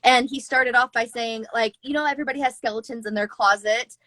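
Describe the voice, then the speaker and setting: An American woman from Utah, chatting casually and telling a dating story, animated and laughing often. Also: a little high, a little fast, no room sound, poor audio. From Utah, USA. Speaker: podcast guest. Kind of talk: casual chat.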